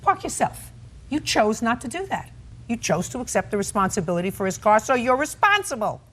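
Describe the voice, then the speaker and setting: A woman's voice: a little high, sing-song, brisk, a bit bright. A woman judges a television court case sternly, cutting people off and mocking their words with sarcasm. Her voice rises and falls a great deal as she lectures. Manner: stern, interrupting, mocks quotes sarcastically.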